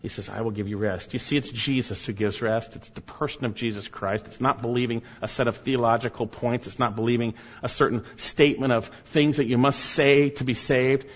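A man preaching a sermon, emphatic, repeating key phrases and swinging between loud and soft delivery. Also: medium pitch, steady tone, a little fast, hardly any pauses, breathy edge. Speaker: pastor. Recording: dull sound with long hall reverb.

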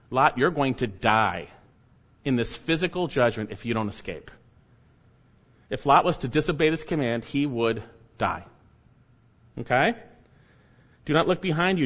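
A man's voice: big pitch swings, normal speed, long pauses. Emphatic preacher man, lo-fi sound. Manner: emphatic, swings between loud urging and low hushed warnings. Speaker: pastor. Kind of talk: sermon.

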